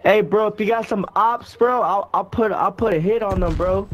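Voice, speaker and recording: High-voiced man in laid-back game chat. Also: normal speed, soft background music. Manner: laid-back, slangy, joking. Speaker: fellow player. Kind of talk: gaming voice chat.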